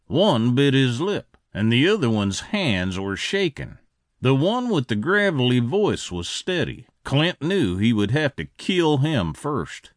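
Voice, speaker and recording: Expressive male audiobook narrator. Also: mid-range voice, unhurried, no room sound, studio quality. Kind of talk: scripted western audiobook narration.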